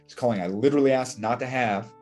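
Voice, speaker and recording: A man's voice: mid-range voice, very fast, darkish tone, soft background music. A middle-aged man telling candid, joking stories as a podcast guest. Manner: candid and joking, with wry asides. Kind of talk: casual conversational storytelling.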